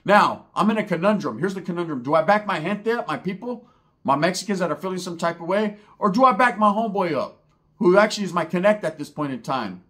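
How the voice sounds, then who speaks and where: A man's voice: high-pitched, expressive, quick pace, fairly bright tone. A man telling a comedic story in a profane, slang-heavy, rambling way.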